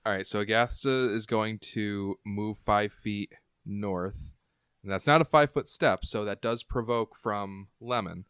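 A man acting as game master in a tabletop session, walking the players through rules in a relaxed, matter-of-fact way. His voice is smooth and resonant and sounds dry and close. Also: fairly low pitch, a little slow, no room sound. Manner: explains rules plainly, relaxed.

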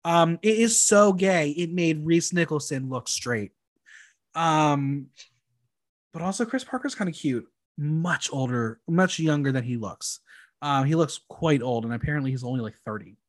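A chatty young man with a fairly high voice hosts a casual podcast. He recaps episodes in a campy, playful way and drops in plenty of ums along the way. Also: expressive, a little slow. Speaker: podcast host recapping a reality show. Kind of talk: casual chat.

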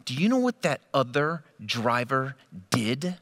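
A man preaching a sermon in a conversational, storytelling manner, his voice rising with excitement as he acts out quotes. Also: medium pitch, a little slow. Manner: conversational, with quoted asides and fillers. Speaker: pastor.

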